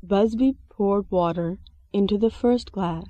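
A woman, an English teacher reading a storybook aloud with expressive sound words. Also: medium pitch, takes it slowly, lo-fi sound, a little hiss or hum. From China. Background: soft music.

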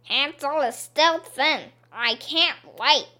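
Woman doing a wicked old witch, slow and menacing. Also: high-pitched, expressive, sharp tone, pitched above the performer's own voice, exaggerated voice. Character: wicked blind old witch, cruel and greedy.

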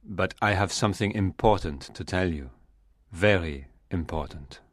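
A man voicing an earnest, proud young gentleman in love, reading a storybook aloud. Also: low voice, moderate pace, no room sound, clean studio sound, voice pushed down. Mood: cold. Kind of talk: audiobook reading of a graded reader.

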